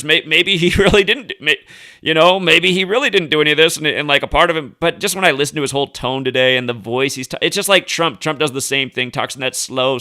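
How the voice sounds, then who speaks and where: A man's voice: on the high side, pushed and bright, smooth. A man hosting a commentary monologue, talking heatedly with profanity and frequent restarts. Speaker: host.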